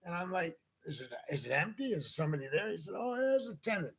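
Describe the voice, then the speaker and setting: A man's voice: sits high, very animated, fast, a bit bright, slightly rough. A man hosting a casual talk show, telling a long anecdote and acting out the people in it. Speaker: podcast host. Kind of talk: casual storytelling chat.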